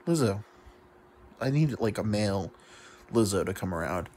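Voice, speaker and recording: A man's voice: fairly low pitch, lively intonation, moderate pace, a little mellow, slightly rough. A drunk man rambling to the camera, self-deprecating and full of fillers. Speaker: YouTube comedian. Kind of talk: rambling confessional monologue to camera.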